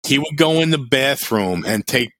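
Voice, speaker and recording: A man's voice: mid-range voice, normal speed. A middle-aged man chatting on a podcast, telling blunt, profane stories with lots of energy. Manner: animated storyteller, blunt and profane. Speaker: podcast co-host. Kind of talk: casual podcast chat.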